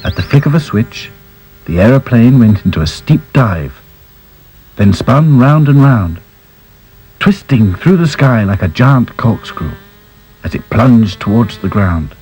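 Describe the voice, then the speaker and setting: A man narrating a children's story in a gentle, unhurried way. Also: mid-range voice, sing-song, faint music behind, low-quality recording.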